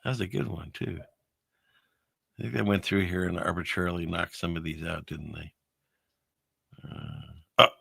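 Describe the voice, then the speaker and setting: A man's voice: fairly low pitch, gravelly, sharp tone. A man hosting a show, rambling wryly through video clips and talking to his chat. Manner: rambling, wry, talks to chat. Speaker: show host. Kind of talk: casual commentary on video clips.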